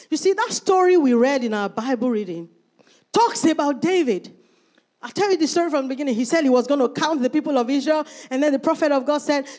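Lively high-pitched woman pastor preaching. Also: a little fast. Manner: emphatic, calls out to the congregation by name. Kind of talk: sermon.

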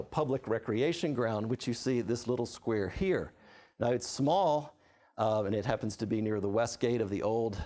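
A man lecturing on his book in a mid-pitched voice, speaking in a halting way, with frequent fillers and restarts. His voice lifts a little whenever he reads a quoted passage aloud. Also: a little mellow. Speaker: author and lecturer. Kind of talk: academic book talk.

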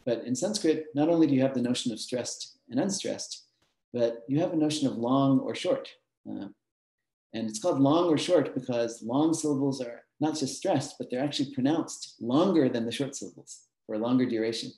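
Speaking at a moderate pace in a warm, mid-range voice, this man is a mathematician lecturing in a master class. His explanations are patient, peppered with fillers and small laughs, all heard through a roomy echo.

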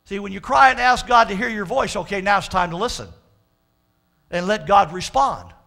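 A man's voice: high voice, normal speed, creaky, bright, forceful tone. A male pastor preaching a fervent sermon, stretching out his quotes of scripture for emphasis.

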